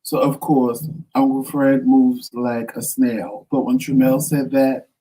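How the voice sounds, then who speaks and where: A man co-hosting a talk show, telling stories in a lively, dramatic way and acting out what people said. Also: medium pitch, takes it slowly. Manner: animated, dramatic storyteller acting out quotes. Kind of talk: casual storytelling chat. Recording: voice somewhat distant from mic.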